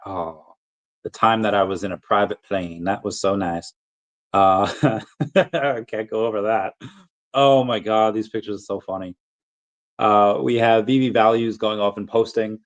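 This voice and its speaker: A man with a lowish voice talks at normal speed in a steady tone while running a relaxed crypto stream. Reading comments from viewers, he wanders onto tangents and keeps breaking off his own thoughts.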